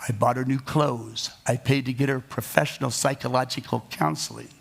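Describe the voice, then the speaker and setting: A man with a gravelly voice tells a story from his own life in a dramatic, confessional monologue. He pokes fun at himself along the way, at an ordinary pitch for a man. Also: fairly even intonation, fairly quick. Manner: dramatic, confessional, self-mocking. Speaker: card magician telling his life story.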